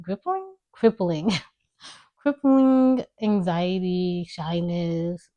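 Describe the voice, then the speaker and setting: Soft-spoken young woman, mumbling low. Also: highs cut off. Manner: low, mumbling speech with a slight lisp. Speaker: vlogger. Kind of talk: casual personal storytelling to camera.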